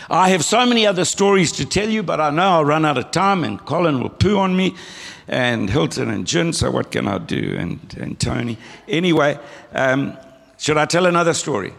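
Older south african guy, gravelly, frog in his throat, telling church stories in a big echoey hall. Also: a little high, animated, normal speed, a bit bright. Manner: folksy storytelling, acting out remembered voices. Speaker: church member giving testimony. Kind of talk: conversational testimony sermon. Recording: long hall reverb.

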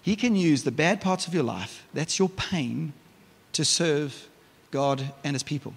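A male pastor, preaching a lively, conversational sermon with frequent restarts. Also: a little high, measured pace, creaky, husky. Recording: reverberant church hall.

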